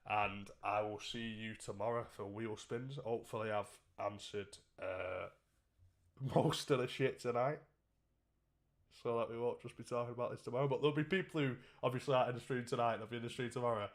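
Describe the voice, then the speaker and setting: Joking sweary streamer bloke. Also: male voice, medium pitch, steady tone, brisk. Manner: joking, sweary banter with chat. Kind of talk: casual live-stream chat.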